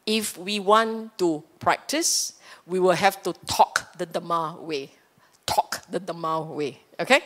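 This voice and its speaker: A woman with a Singaporean English accent giving a humorous, animated Dhamma talk, acting out inner voices and checking in with her listeners. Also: fairly low pitch, slow. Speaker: Buddhist Dhamma teacher. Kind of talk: Dhamma talk to a live audience. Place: Buddhist temple hall.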